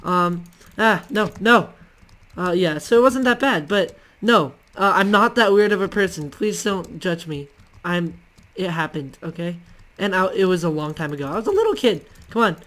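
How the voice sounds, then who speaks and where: A man's voice: high voice, lively intonation, moderate pace, fairly bright tone. A male channel host telling casual stories to the camera in a rambling, hesitant way, full of ums and restarts.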